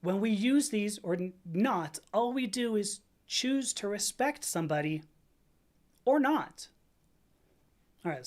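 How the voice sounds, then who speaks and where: A middle-aged American woman with a fairly low voice chats on a livestream. She reads out viewer comments and answers them in loose, rambling asides, and she often stops to correct herself mid-sentence. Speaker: livestream host reading chat. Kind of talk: casual livestream chat.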